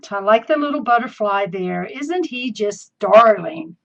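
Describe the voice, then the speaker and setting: Over dull lo-fi stream audio, a Southern woman with a medium-pitched, slightly bright voice narrates a live crafting demonstration. She's animated and keeps a measured pace, chatty and folksy, quick to laugh during her live-streamed craft tutorial.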